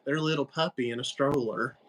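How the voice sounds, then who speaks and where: A woman's voice: very deep voice, a little fast. A woman co-hosting a casual livestream chat, a chatty storyteller who laughs often. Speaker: livestream co-host.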